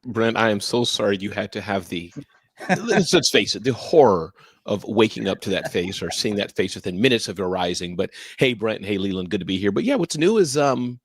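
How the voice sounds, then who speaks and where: A man's voice: on the low side, brisk, no room sound. Wry older man, dry close sound. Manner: relaxed, wry, easygoing storyteller. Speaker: guest panelist. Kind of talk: casual chat.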